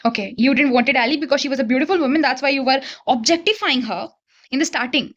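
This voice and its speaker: A woman's voice: high-pitched, fast, highs cut off. A young woman, reviewing a book to camera in an exasperated, ranting way. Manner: exasperated, ranting, talks straight to viewers.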